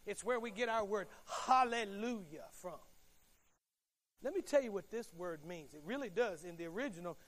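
A man preaching a sermon, emphatic and repetitive, swinging from hushed to shouting. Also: sits high, lively intonation, normal speed. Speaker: pastor.

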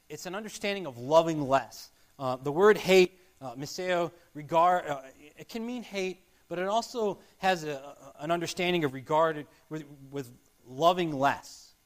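A man preaching a sermon as a pastor, earnest and repetitive, swinging between loud emphasis and quiet asides. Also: fairly high pitch. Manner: earnest, repetitive, rising and falling loudness.

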